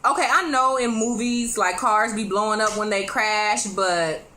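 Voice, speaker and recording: A woman recapping a TV episode in a casual, chatty way. She is animated, laughs often and speaks straight to her viewers with quick asides. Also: medium pitch. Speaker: TV show reviewer.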